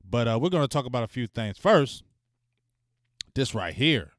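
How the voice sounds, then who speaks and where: A man hosting a casual sports livestream, talking in loose slang, venting and giving loud shout-outs. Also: medium pitch, very animated, moderate pace, no room sound, clean studio sound. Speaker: sports talk stream host.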